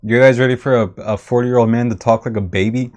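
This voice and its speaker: A man's voice: mid-range voice, fairly even intonation, fast, a little mellow. A man commentating on a livestream in a sarcastic, mocking way, reading chat comments aloud. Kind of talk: casual reaction commentary.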